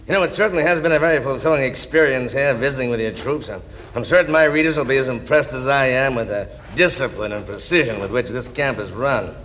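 A man's voice: mid-range voice, quick pace, a bit bright, in a large hall, slight background noise, lightly acted. A man playing a polite, stammering male newspaper reporter in a comedy sketch.

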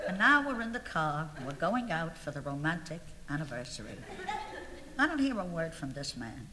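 A woman's voice: low-pitched, sing-song, moderate pace, bright, forceful tone, in a large hall, slight background noise. A woman performing a comic monologue to a live audience, confiding and aggrieved, building to indignant outbursts. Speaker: comic storyteller.

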